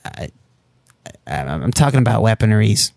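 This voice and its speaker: A man's voice: fairly low pitch, sing-song, moderate pace, gravelly, a little mellow, no echo, clean studio sound. A man voicing a nervous, evasive young boy who stammers and hesitates, in an improvised comedy sketch. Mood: hesitant.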